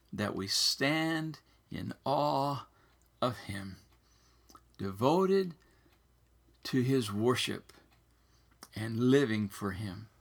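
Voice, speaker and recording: A man preaching a sermon in a slow, earnest way, his pitch rising and falling widely.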